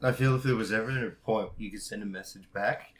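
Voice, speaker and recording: A man's voice: fairly low pitch, brisk. A man co-hosting a podcast in casual chat, laid-back, laughing along and adding dry quips. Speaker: podcast co-host.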